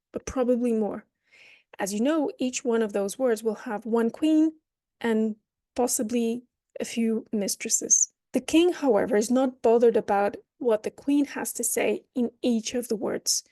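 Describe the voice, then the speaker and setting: A woman teaching an online language lesson, explaining with playful metaphors and modelling phrases slowly and then at natural speed. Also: a little high, mellow, dry recording, studio quality.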